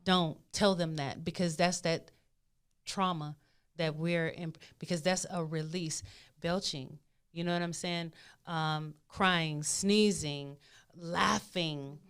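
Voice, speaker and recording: A woman talking as a podcast guest in casual conversation, animated, repeating phrases and acting out inner voices. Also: low-pitched, slow, clean tone. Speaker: podcast guest, spiritual advisor.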